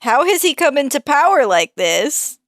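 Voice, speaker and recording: A woman's voice: high voice, sing-song, no echo, clean studio sound. A woman co-hosting a podcast, trading wry jokes in a casual chat. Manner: wry, joking asides, quick to laugh. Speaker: podcast co-host. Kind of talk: casual chat reviewing a cartoon.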